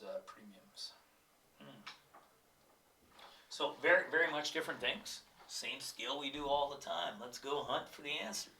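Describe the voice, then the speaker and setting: A man's voice: mid-range voice, pushed and bright, echoey room, recorded from a distance, slight background noise. A man with a cold, a teacher thinking aloud as he works through exam questions and reads passages aloud. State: has a cold.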